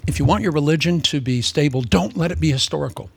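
A man preaching a humorous sermon, sarcastic and animated, slipping into mock voices. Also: fairly high pitch, fast, creaky, husky, no echo.

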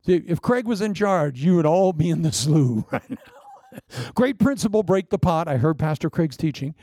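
A pastor preaching a sermon in an animated style, full of laughing asides and playacted anecdotes. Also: male voice, on the high side, moderate pace, no room sound.

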